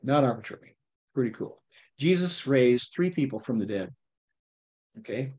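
A man teaching an informal Bible study, talking with his listeners in a lively, playful way and often checking in with them. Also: medium pitch, moderate pace. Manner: conversational, checks in with frequent "okay?".

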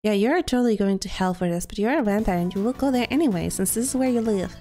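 A giggly, playful woman chatting casually while she streams a game with friends, her pitch sitting mid-range. She keeps slipping into squeaky silly voices between jokes. Faint music plays underneath her talk. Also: animated, fast, mellow. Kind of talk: casual gameplay chat with friends.

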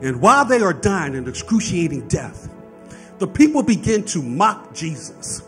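A male pastor delivers a sermon in a high, strongly swinging voice that climbs into fervent peaks. He teaches plainly and keeps checking in with his listeners. Soft music sits faintly behind him. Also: big pitch swings, moderate pace. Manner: preaching with rising fervor, frequent "right?" asides.

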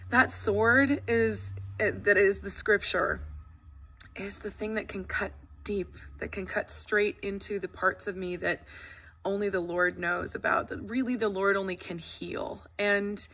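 A woman's voice: medium pitch, steady tone, measured pace, bright, forceful tone, husky. A woman teacher speaking to parents in an empty classroom, earnest and effusive, with many fillers and restarts. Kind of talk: casual welcome talk to parents.

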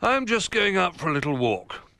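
A man voicing a wise, gentle old male teddy bear who speaks in a kindly, cautioning way. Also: high-pitched, sing-song, moderate pace, pitched above the performer's own voice, heavily acted.

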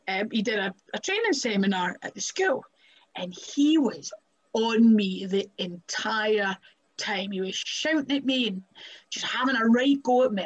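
A woman with a Scottish accent telling stories as a wrestler guest on a podcast, chatty and animated, often laughing and saying "like" and "right?". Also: mid-range voice. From Scotland. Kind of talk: casual storytelling interview. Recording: muffled lo-fi audio.

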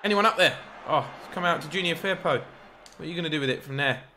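A young man giving excitable, rambling live commentary over a football video game, shouting encouragement at the players and joking at himself. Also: fairly high pitch, quick pace, slight background noise. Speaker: gaming YouTuber.

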